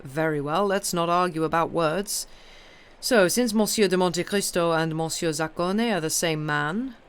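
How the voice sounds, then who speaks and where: A woman's voice: lowish voice, a little slow, smooth, natural voice. A woman reading aloud as a wary, insistent male police agent with formal, pressing questions.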